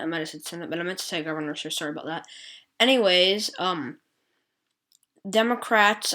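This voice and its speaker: A woman with a fairly low but bright, forward voice talks through an electoral map for her channel. She rambles casually and keeps correcting herself with quick apologies. A faint hiss sits under the recording. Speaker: election prediction channel host. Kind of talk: casual screen-recorded commentary.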